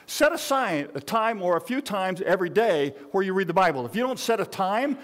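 Older male pastor, high voice, rambling folksy sermon style. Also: very animated, a little fast. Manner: conversational, rambling with frequent restarts and asides.

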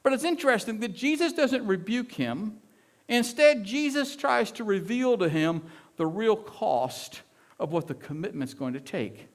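A man from the United States preaching a sermon as pastor, in an animated, chatty way that often repeats words. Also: high-pitched, unhurried.

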